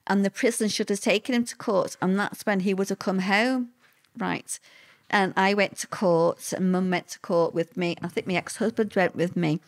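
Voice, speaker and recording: An older woman, a guest recalling hard times in a halting, emotional way with many fillers. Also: mid-range voice, steady tone. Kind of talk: personal interview recollection.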